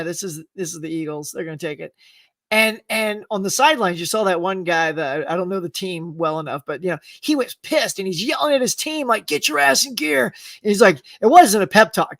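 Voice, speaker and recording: A middle-aged man hosting a live stream, chatting casually with viewers in a rambling, animated way and laughing often. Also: high-pitched, no echo, far from the mic. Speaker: live-stream host answering chat. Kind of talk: casual chat.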